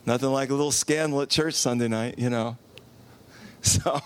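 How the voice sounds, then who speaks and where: A man's voice: mid-range voice, moderate pace, clean tone. A man preaching a casual Sunday-night sermon, telling a story with acted-out quotes and questions to the congregation. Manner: animated, acts out quotes, asks the congregation questions. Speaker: pastor. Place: church.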